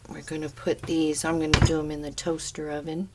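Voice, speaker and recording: A middle-aged woman vlogs a casual cooking demonstration from her home kitchen, walking viewers through a simple recipe step by step in a homey, easy way. Her deep voice is flat and a little fast, she talks with her mouth full, and there is heavy background noise.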